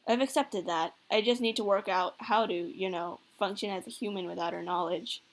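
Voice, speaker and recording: A woman's voice: medium pitch, fairly even intonation, normal speed, close to an everyday voice. A woman voicing a goofy, teasing middle-aged single father from a visual novel. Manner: joking, corny dad teasing.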